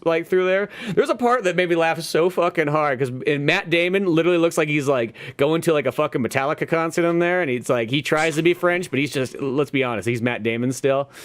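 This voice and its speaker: A man chatting on a podcast, rambling freely and cursing often. His slightly high voice swings widely up and down as he acts out scenes with shouts. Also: fairly quick, hardly any pauses. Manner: rambling, swears a lot, animated retellings. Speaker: podcast co-host. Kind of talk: casual chat.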